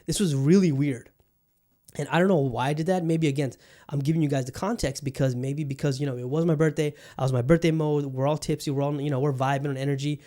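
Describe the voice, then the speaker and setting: A man's voice: on the high side, steady tone, fast, warm tone. A man in his thirties from Bangladesh, a podcast host telling a story in a casual, rambling way, swearing freely and leaning on fillers. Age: 30s. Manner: profane, rambling, frequent fillers.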